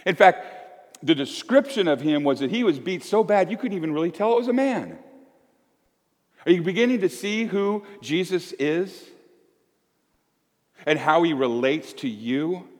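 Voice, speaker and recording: A man's voice: on the high side, animated, a little slow, pauses often, big-room sound. A man in his fifties preaching as a pastor, folksy and emphatic, asking one question after another. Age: 50s. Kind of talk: sermon. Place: church.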